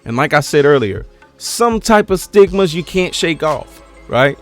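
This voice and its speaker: A man's voice: on the high side, very animated, measured pace, fairly bright tone, soft background music. A man hosting his own commentary channel, ranting bluntly and profanely in an unscripted, heated way.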